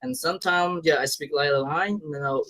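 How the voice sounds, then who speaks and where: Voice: medium pitch, moderate pace, a bit bright, no echo, rough recording. An English learner in a lesson conversation, speaking hesitantly, with grammar slips and restarts.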